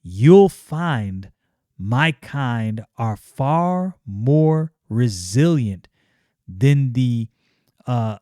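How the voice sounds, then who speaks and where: A man doing a gloating, inhuman male sorcerer who hungers for his victims' fear. He stretches every threat out slowly and lets it sit. The sound is dry, with no room around it. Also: mid-range voice, dark tone, no echo. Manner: slow, drawn-out menacing delivery.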